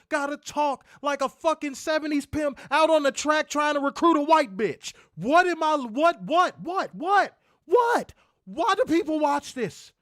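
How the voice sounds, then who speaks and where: A man's voice: very high-pitched, no room sound, clean studio sound. A man co-hosting a wrestling review show, ranting in a profane, exasperated way during casual podcast commentary.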